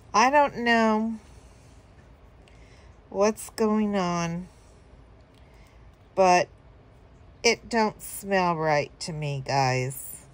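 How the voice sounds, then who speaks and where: A woman telling a story casually to her viewers, rambling with fillers and chuckling now and then. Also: a little high. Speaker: vlogger.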